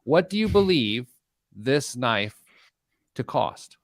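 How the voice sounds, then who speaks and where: A man's voice: medium pitch, slow pace, no echo, studio quality. A man hosting a radio finance talk show in casual chat, joking and telling stories. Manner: joking, animated storyteller. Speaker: show host.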